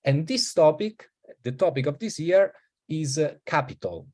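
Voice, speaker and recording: A man's voice: a little high, lively intonation, normal speed, a little mellow. A man with a strong Italian accent, hosting an online welcome session and introducing the speaker, talking with hesitations. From Italy. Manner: hesitant, thinking aloud. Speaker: school coordinator, session host.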